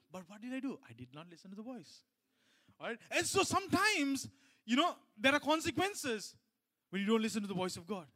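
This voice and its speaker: A man's voice: sits high, sharp tone. A middle-aged man giving a sermon as a pastor, telling a personal story in a loose, conversational way with many restarts and asides.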